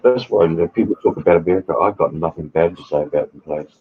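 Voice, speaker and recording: A man's voice: sits low, fast, husky, phone-quality sound. A man, chatting casually and rambling with hesitant fillers. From Australia. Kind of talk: casual chat.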